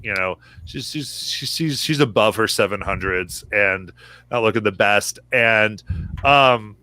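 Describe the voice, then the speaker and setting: A man game master narrating a tabletop game in a relaxed, halting way with many fillers. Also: fairly low pitch, poor audio.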